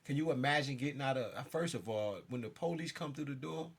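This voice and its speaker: A man with a gravelly, husky voice rants straight at his listeners. His delivery is intense and profane, and he keeps jumping around as he speaks. The voice sits at an ordinary middle pitch. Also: fairly quick. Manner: jumps around while talking. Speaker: self-styled spiritual figure. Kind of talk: ranting monologue to camera.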